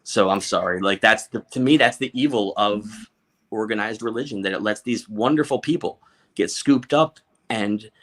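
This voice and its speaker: A man's voice: on the low side, moderate pace, a bit bright. A man, a podcast guest, recounting a personal story in an emotional, emphatic way, often restarting and repeating words. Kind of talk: conversational storytelling.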